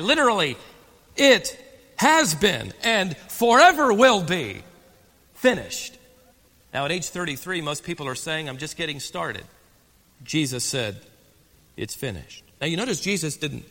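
A man preaching a sermon as pastor, swinging between loud emphatic peaks and hushed, low passages. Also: in a large hall.

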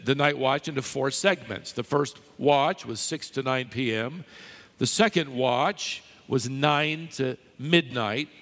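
Male preacher, sermon, emphatic, teasing the congregation, slightly high voice, long reverb of a big hall. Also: fairly bright tone. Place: large church hall with live audience.

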